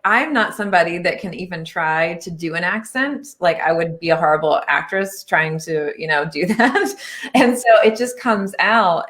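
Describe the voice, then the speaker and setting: This woman hosts a spirituality podcast and works as a spiritual medium, and her lowish voice carries a fairly bright tone. In relaxed interview chat, she sounds enthusiastic and reassuring.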